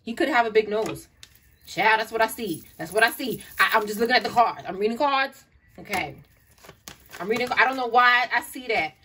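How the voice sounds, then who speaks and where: A woman's voice: on the high side, animated, moderate pace, bright, forceful tone. Blunt, cussing woman tarot reader, distant mic. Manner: blunt, profane and exasperated, addressing the listener as child. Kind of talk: online tarot reading. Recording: distant mic, faint noise and clicks.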